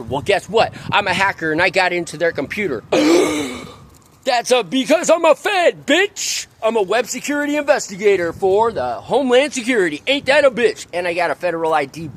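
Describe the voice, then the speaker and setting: A high-pitched, fairly bright male voice belongs to a vlogger venting his anger outside in a park. He rants with frequent swearing and says the same things over and over.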